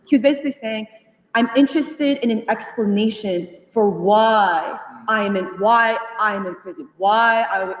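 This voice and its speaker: A young woman retelling a conversation to a study group, animated and full of fillers, laughing as she goes. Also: medium pitch. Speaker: union member sharing at a study group. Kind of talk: casual storytelling in a group discussion. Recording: echoey hall, voice from far off.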